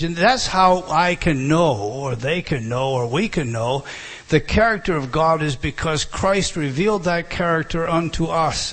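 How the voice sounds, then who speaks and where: A man gives an expository Bible lesson as a preacher. His voice sits a little high and has a husky edge. He is animated and often repeats and restarts phrases as he works through the text.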